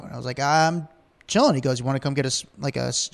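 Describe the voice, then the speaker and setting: Fast-talking man telling stories on a podcast. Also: a little high. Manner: rambling, animated, acts out quotes. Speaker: podcast co-host. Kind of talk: casual storytelling chat.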